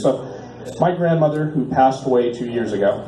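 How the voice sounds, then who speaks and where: A man in his forties doing a stand-up comedy set in a bar, delivering punchlines deadpan and drawing out repeats while he waits for laughs. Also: mid-range voice, moderate pace, reverberant, rough recording. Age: 40s. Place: small bar stage.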